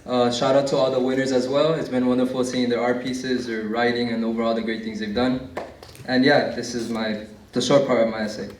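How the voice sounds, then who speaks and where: A man's voice: medium pitch, level tone, a little fast, a little hiss or hum. Teenage boy reading his essay from afar. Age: teens. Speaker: student award winner. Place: large library event hall. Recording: echoey room from far off.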